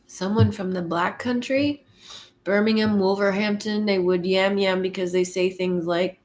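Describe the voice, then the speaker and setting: Slow-talking woman hosting a live chat. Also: medium pitch, fairly even intonation, darkish tone. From Canada. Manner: unhurried, laughs often, reads chat comments aloud and muses with fillers. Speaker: live-stream host reading viewer chat.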